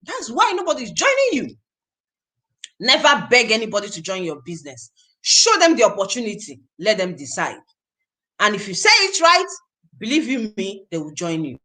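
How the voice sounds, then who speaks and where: A woman's voice: on the high side, normal speed. A woman leading a motivational training talk on recruiting, emphatic and repetitive, drilling each point home. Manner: acts out the prospect conversations in animated voices. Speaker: network marketing team leader and trainer.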